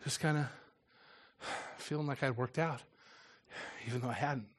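A middle-aged man preaching and telling a personal story in earnest, often dropping to a hush at solemn moments. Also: mid-range voice, fairly even intonation, moderate pace. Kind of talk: sermon with personal testimony.

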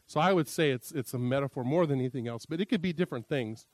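A man's voice: medium pitch, fast, a little mellow, dry recording. A middle-aged male pastor teaching a sermon in a conversational, jokey way, acting out quoted lines. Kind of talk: sermon teaching on interpreting scripture.

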